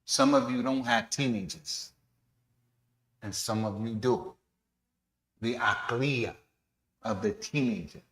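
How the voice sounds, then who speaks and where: Man, mosque teacher, animated storytelling, middle pitch, echoey hall. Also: slow pace, pauses often. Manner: animated storytelling, acting out quoted voices. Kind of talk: sermon-style lesson.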